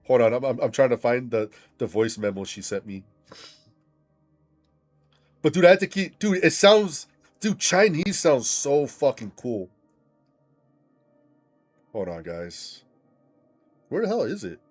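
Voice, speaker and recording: Animated, foul-mouthed man gaming. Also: mid-range voice, measured pace, long pauses, faint music behind. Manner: animated, swearing storyteller. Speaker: gaming channel host. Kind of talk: casual commentary while playing a game.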